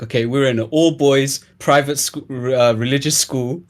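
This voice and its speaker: Young guy telling a school story, mid pitch, gets loud for the punchlines. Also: moderate pace. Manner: animated storyteller, swings loud for emphasis. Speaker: guest storyteller.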